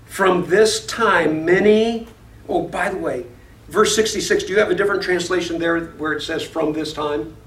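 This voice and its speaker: A man's voice: fairly high pitch, fairly even intonation, brisk, a bit bright, a little hiss or hum. A man teaching a Bible study class, reading verses aloud, explaining them and putting questions to the class. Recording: echoey room, voice far from the mic.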